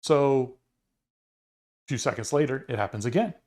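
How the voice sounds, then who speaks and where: A man's voice: mid-range voice, moderate pace, a little mellow. A man co-hosting a podcast, telling a travel story in casual chat with plenty of fillers and restarts. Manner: rambling storyteller with many fillers. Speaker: podcast co-host.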